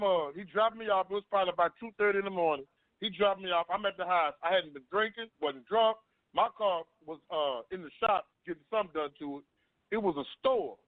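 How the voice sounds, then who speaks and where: A man's voice: sits high, no room sound. A man on a talk panel, earnestly telling a long personal story and often repeating himself. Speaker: panel guest. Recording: dry phone-line sound.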